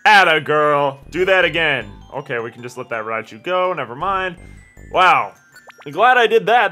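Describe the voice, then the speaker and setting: Brief: excitable male let's play host with a bright, slightly high voice. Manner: excitable, yells at his teammate and the game.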